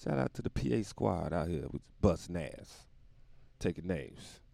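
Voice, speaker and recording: A tired man rambling through a casual comedic monologue, laughing often and breaking into loud put-on voices. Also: sits low, very animated, measured pace, gravelly, no echo. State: dog tired.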